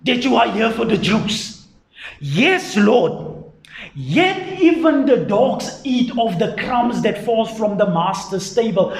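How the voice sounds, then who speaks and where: A man preaching a sermon emphatically, swinging from loud exclaiming to low, quiet delivery. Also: sing-song, takes it slowly, gravelly, reverberant.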